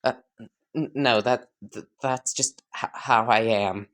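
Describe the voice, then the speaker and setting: A man's voice: medium pitch, fairly even intonation, slow, a bit bright. A man doing a stuttering, skittish young demon. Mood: flustered. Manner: timid, hesitant.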